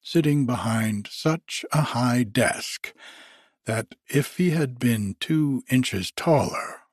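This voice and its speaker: A man narrating a classic story with slow, measured delivery. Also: medium pitch, expressive, slightly rough, no echo, studio quality. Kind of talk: storybook reading.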